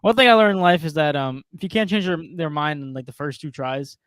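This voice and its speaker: A man's voice: on the high side, lively intonation, fast, a crowd in the background. A young man co-hosting a casual sports podcast, keeping the show moving in an upbeat, joking way. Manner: upbeat, steers the show, jokey. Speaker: podcast co-host.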